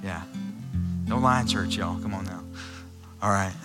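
A young adult man preaching a sermon in a conversational, animated way, with frequent fillers and restarts. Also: low-pitched, unhurried, over loud music, rough recording. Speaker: pastor.

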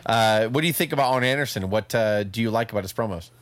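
A man's voice: on the low side, fast, no echo. A man hosting a casual podcast, rambling with restarts and playful asides. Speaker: podcast host.

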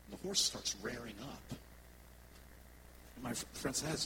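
A man, a worship pastor, preaching a sermon and telling personal stories in a conversational, animated way to his congregation. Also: medium pitch, a little slow, background noise.

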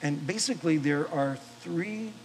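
A male pastor tells a story from the pulpit, jumping into the voices of the people he describes. His voice sits a little high, and he stumbles over repeated starts as he goes. A faint hum runs under the recording. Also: a little slow, poor audio. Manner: animated storyteller, acts out quoted voices, frequent repeated starts. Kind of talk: sermon storytelling. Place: church or chapel service.

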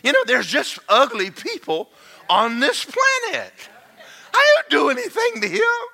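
Animated older preacher, bright lively voice. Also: male voice, very high voice, measured pace, gravelly. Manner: folksy, animated, laughing storyteller who builds to shouts. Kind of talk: sermon storytelling.

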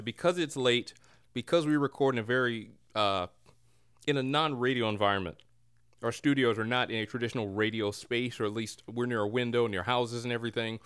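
A man's voice: mid-range voice, a bit bright, smooth. A man hosting a casual comedy podcast from a home room, with a playful mock radio-announcer delivery. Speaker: podcast host. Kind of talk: casual comedic chat show. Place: home room near a window.

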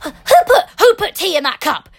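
Woman impersonating a middle-aged male coworker, shrill, indignant, repetitive. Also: sing-song, moderate pace, gravelly, fairly bright tone, full character voice. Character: fussy middle-aged male office worker upset over his cup.

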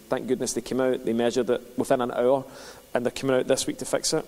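A man's voice: medium pitch, steady tone, fast talker, a little mellow. A man, a pastor telling a personal story in a sermon with a conversational manner. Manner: conversational, builds to passionate preaching. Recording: long hall reverb.

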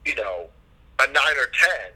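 A man in casual podcast chat about a film, relaxed and full of fillers, mildly profane. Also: mid-range voice, measured pace, husky, low-quality recording. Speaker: podcast co-host reviewing a film.

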